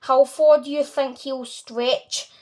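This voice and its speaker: A blustering, angry father who barks out his complaints, read by a woman. The voice stays high for a man, with loud bursts. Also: fairly even intonation, takes it slowly. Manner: shouting, blustering.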